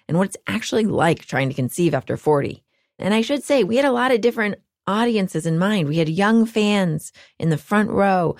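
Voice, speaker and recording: A woman hosting a podcast with a low, gravelly voice, recorded close and dry. She talks through her notes in a chatty way, tossing in self-deprecating jokes. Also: dry recording. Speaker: podcast host. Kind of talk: scripted podcast intro.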